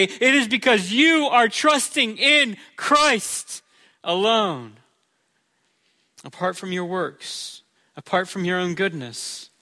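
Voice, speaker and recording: A man's voice: high-pitched, bright, forceful tone. A male pastor preaching a sermon in a conversational way, with touches of humor.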